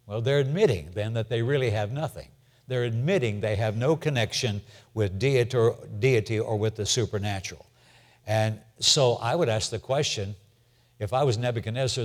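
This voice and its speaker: A man's voice: medium pitch, moderate pace. An older man teaching a Bible class in a church, speaking plainly, asking the room questions and repeating his key points. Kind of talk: conversational Bible lesson.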